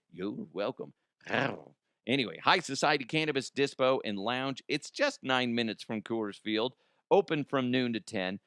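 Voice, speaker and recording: A man's voice: medium pitch, fairly bright tone, no room sound, studio quality. A man hosting a comedy news show, reading ads and riffing in a playful, sarcastic way with jokey asides. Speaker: comedy news podcast host.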